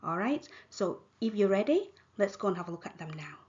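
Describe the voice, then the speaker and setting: A woman with a Thai accent teaching a language lesson, modeling words slowly and repeating them for the learner. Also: medium pitch, sing-song, a little mellow, lo-fi sound. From Thailand. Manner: slow, repeated model pronunciation.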